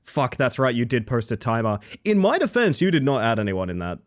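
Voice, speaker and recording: A man's voice: mid-range voice, fairly quick. A man streaming live, chatting casually and greeting his chat one by one with playful, jokey asides.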